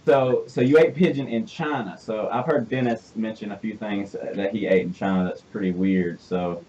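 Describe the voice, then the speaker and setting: A man from Alabama with a Southern accent, hosting a radio interview in a rambling, excitable, laughing way. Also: fairly low pitch, moderate pace, distant mic, muffled recording, a little hiss or hum. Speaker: radio show host. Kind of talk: casual interview chat.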